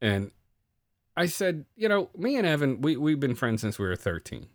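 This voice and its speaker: A man's voice: a little high, big pitch swings, moderate pace, no room sound, clean studio sound. A man co-hosting a podcast in casual chat, ranting sarcastically and swearing a lot. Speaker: podcast co-host.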